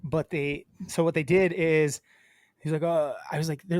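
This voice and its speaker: A man's voice: a little high, steady tone, normal speed, a little mellow, no room sound, studio quality. A man co-hosting a podcast, chatting casually and acting out a phone call as he tells a story. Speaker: podcast co-host. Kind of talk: casual chat.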